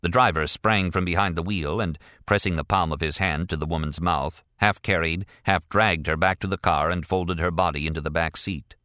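A man reading a thriller audiobook in a measured, expressive storytelling voice. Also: deep voice, no room sound, clean studio sound. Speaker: audiobook narrator. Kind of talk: scripted narration.

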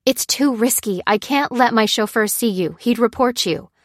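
A woman's voice: a little high, normal speed, dry recording, clean studio sound, pitched above the performer's own voice, close to an everyday voice. A woman reading the lines of an urgent, commanding woman who gives firm, clipped warnings.

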